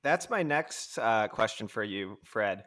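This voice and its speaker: A man's voice: lowish voice, expressive, a little slow, a bit bright. A man hosting a casual podcast chat, asking questions in a playful, mock-serious way. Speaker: podcast host.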